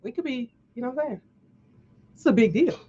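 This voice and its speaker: Woman host, casual live chat, animated and chatty, dull lo-fi sound. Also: on the high side, brisk, a little hiss or hum. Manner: animated, chatty, laughs often, lots of "right?". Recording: dull lo-fi stream audio.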